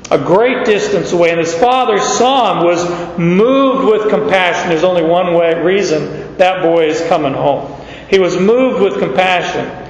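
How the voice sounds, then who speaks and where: A pastor giving an expository sermon in a conversational way, explaining with asides and repeating words as he goes. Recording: echoey hall, dull sound, faint rumble.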